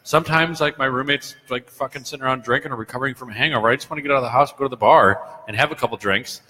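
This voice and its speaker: A tipsy man hosts a podcast from a bar, rambling and cursing casually into a stand mic. His voice is bright and forward, at a mid pitch. Long reverb hangs off his words in the room. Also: very fast. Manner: loose, profane, rambling. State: tipsy from drinking. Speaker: podcast host. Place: bar, indoors. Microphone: microphone on a stand.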